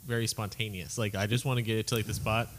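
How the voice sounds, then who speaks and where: A man's voice: steady tone, quick pace. A man speaking up from behind the camera, hesitant and full of fillers, sitting well away from the mic. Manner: hesitant, filler-heavy, quiet. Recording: off-mic, distant with faint rumble.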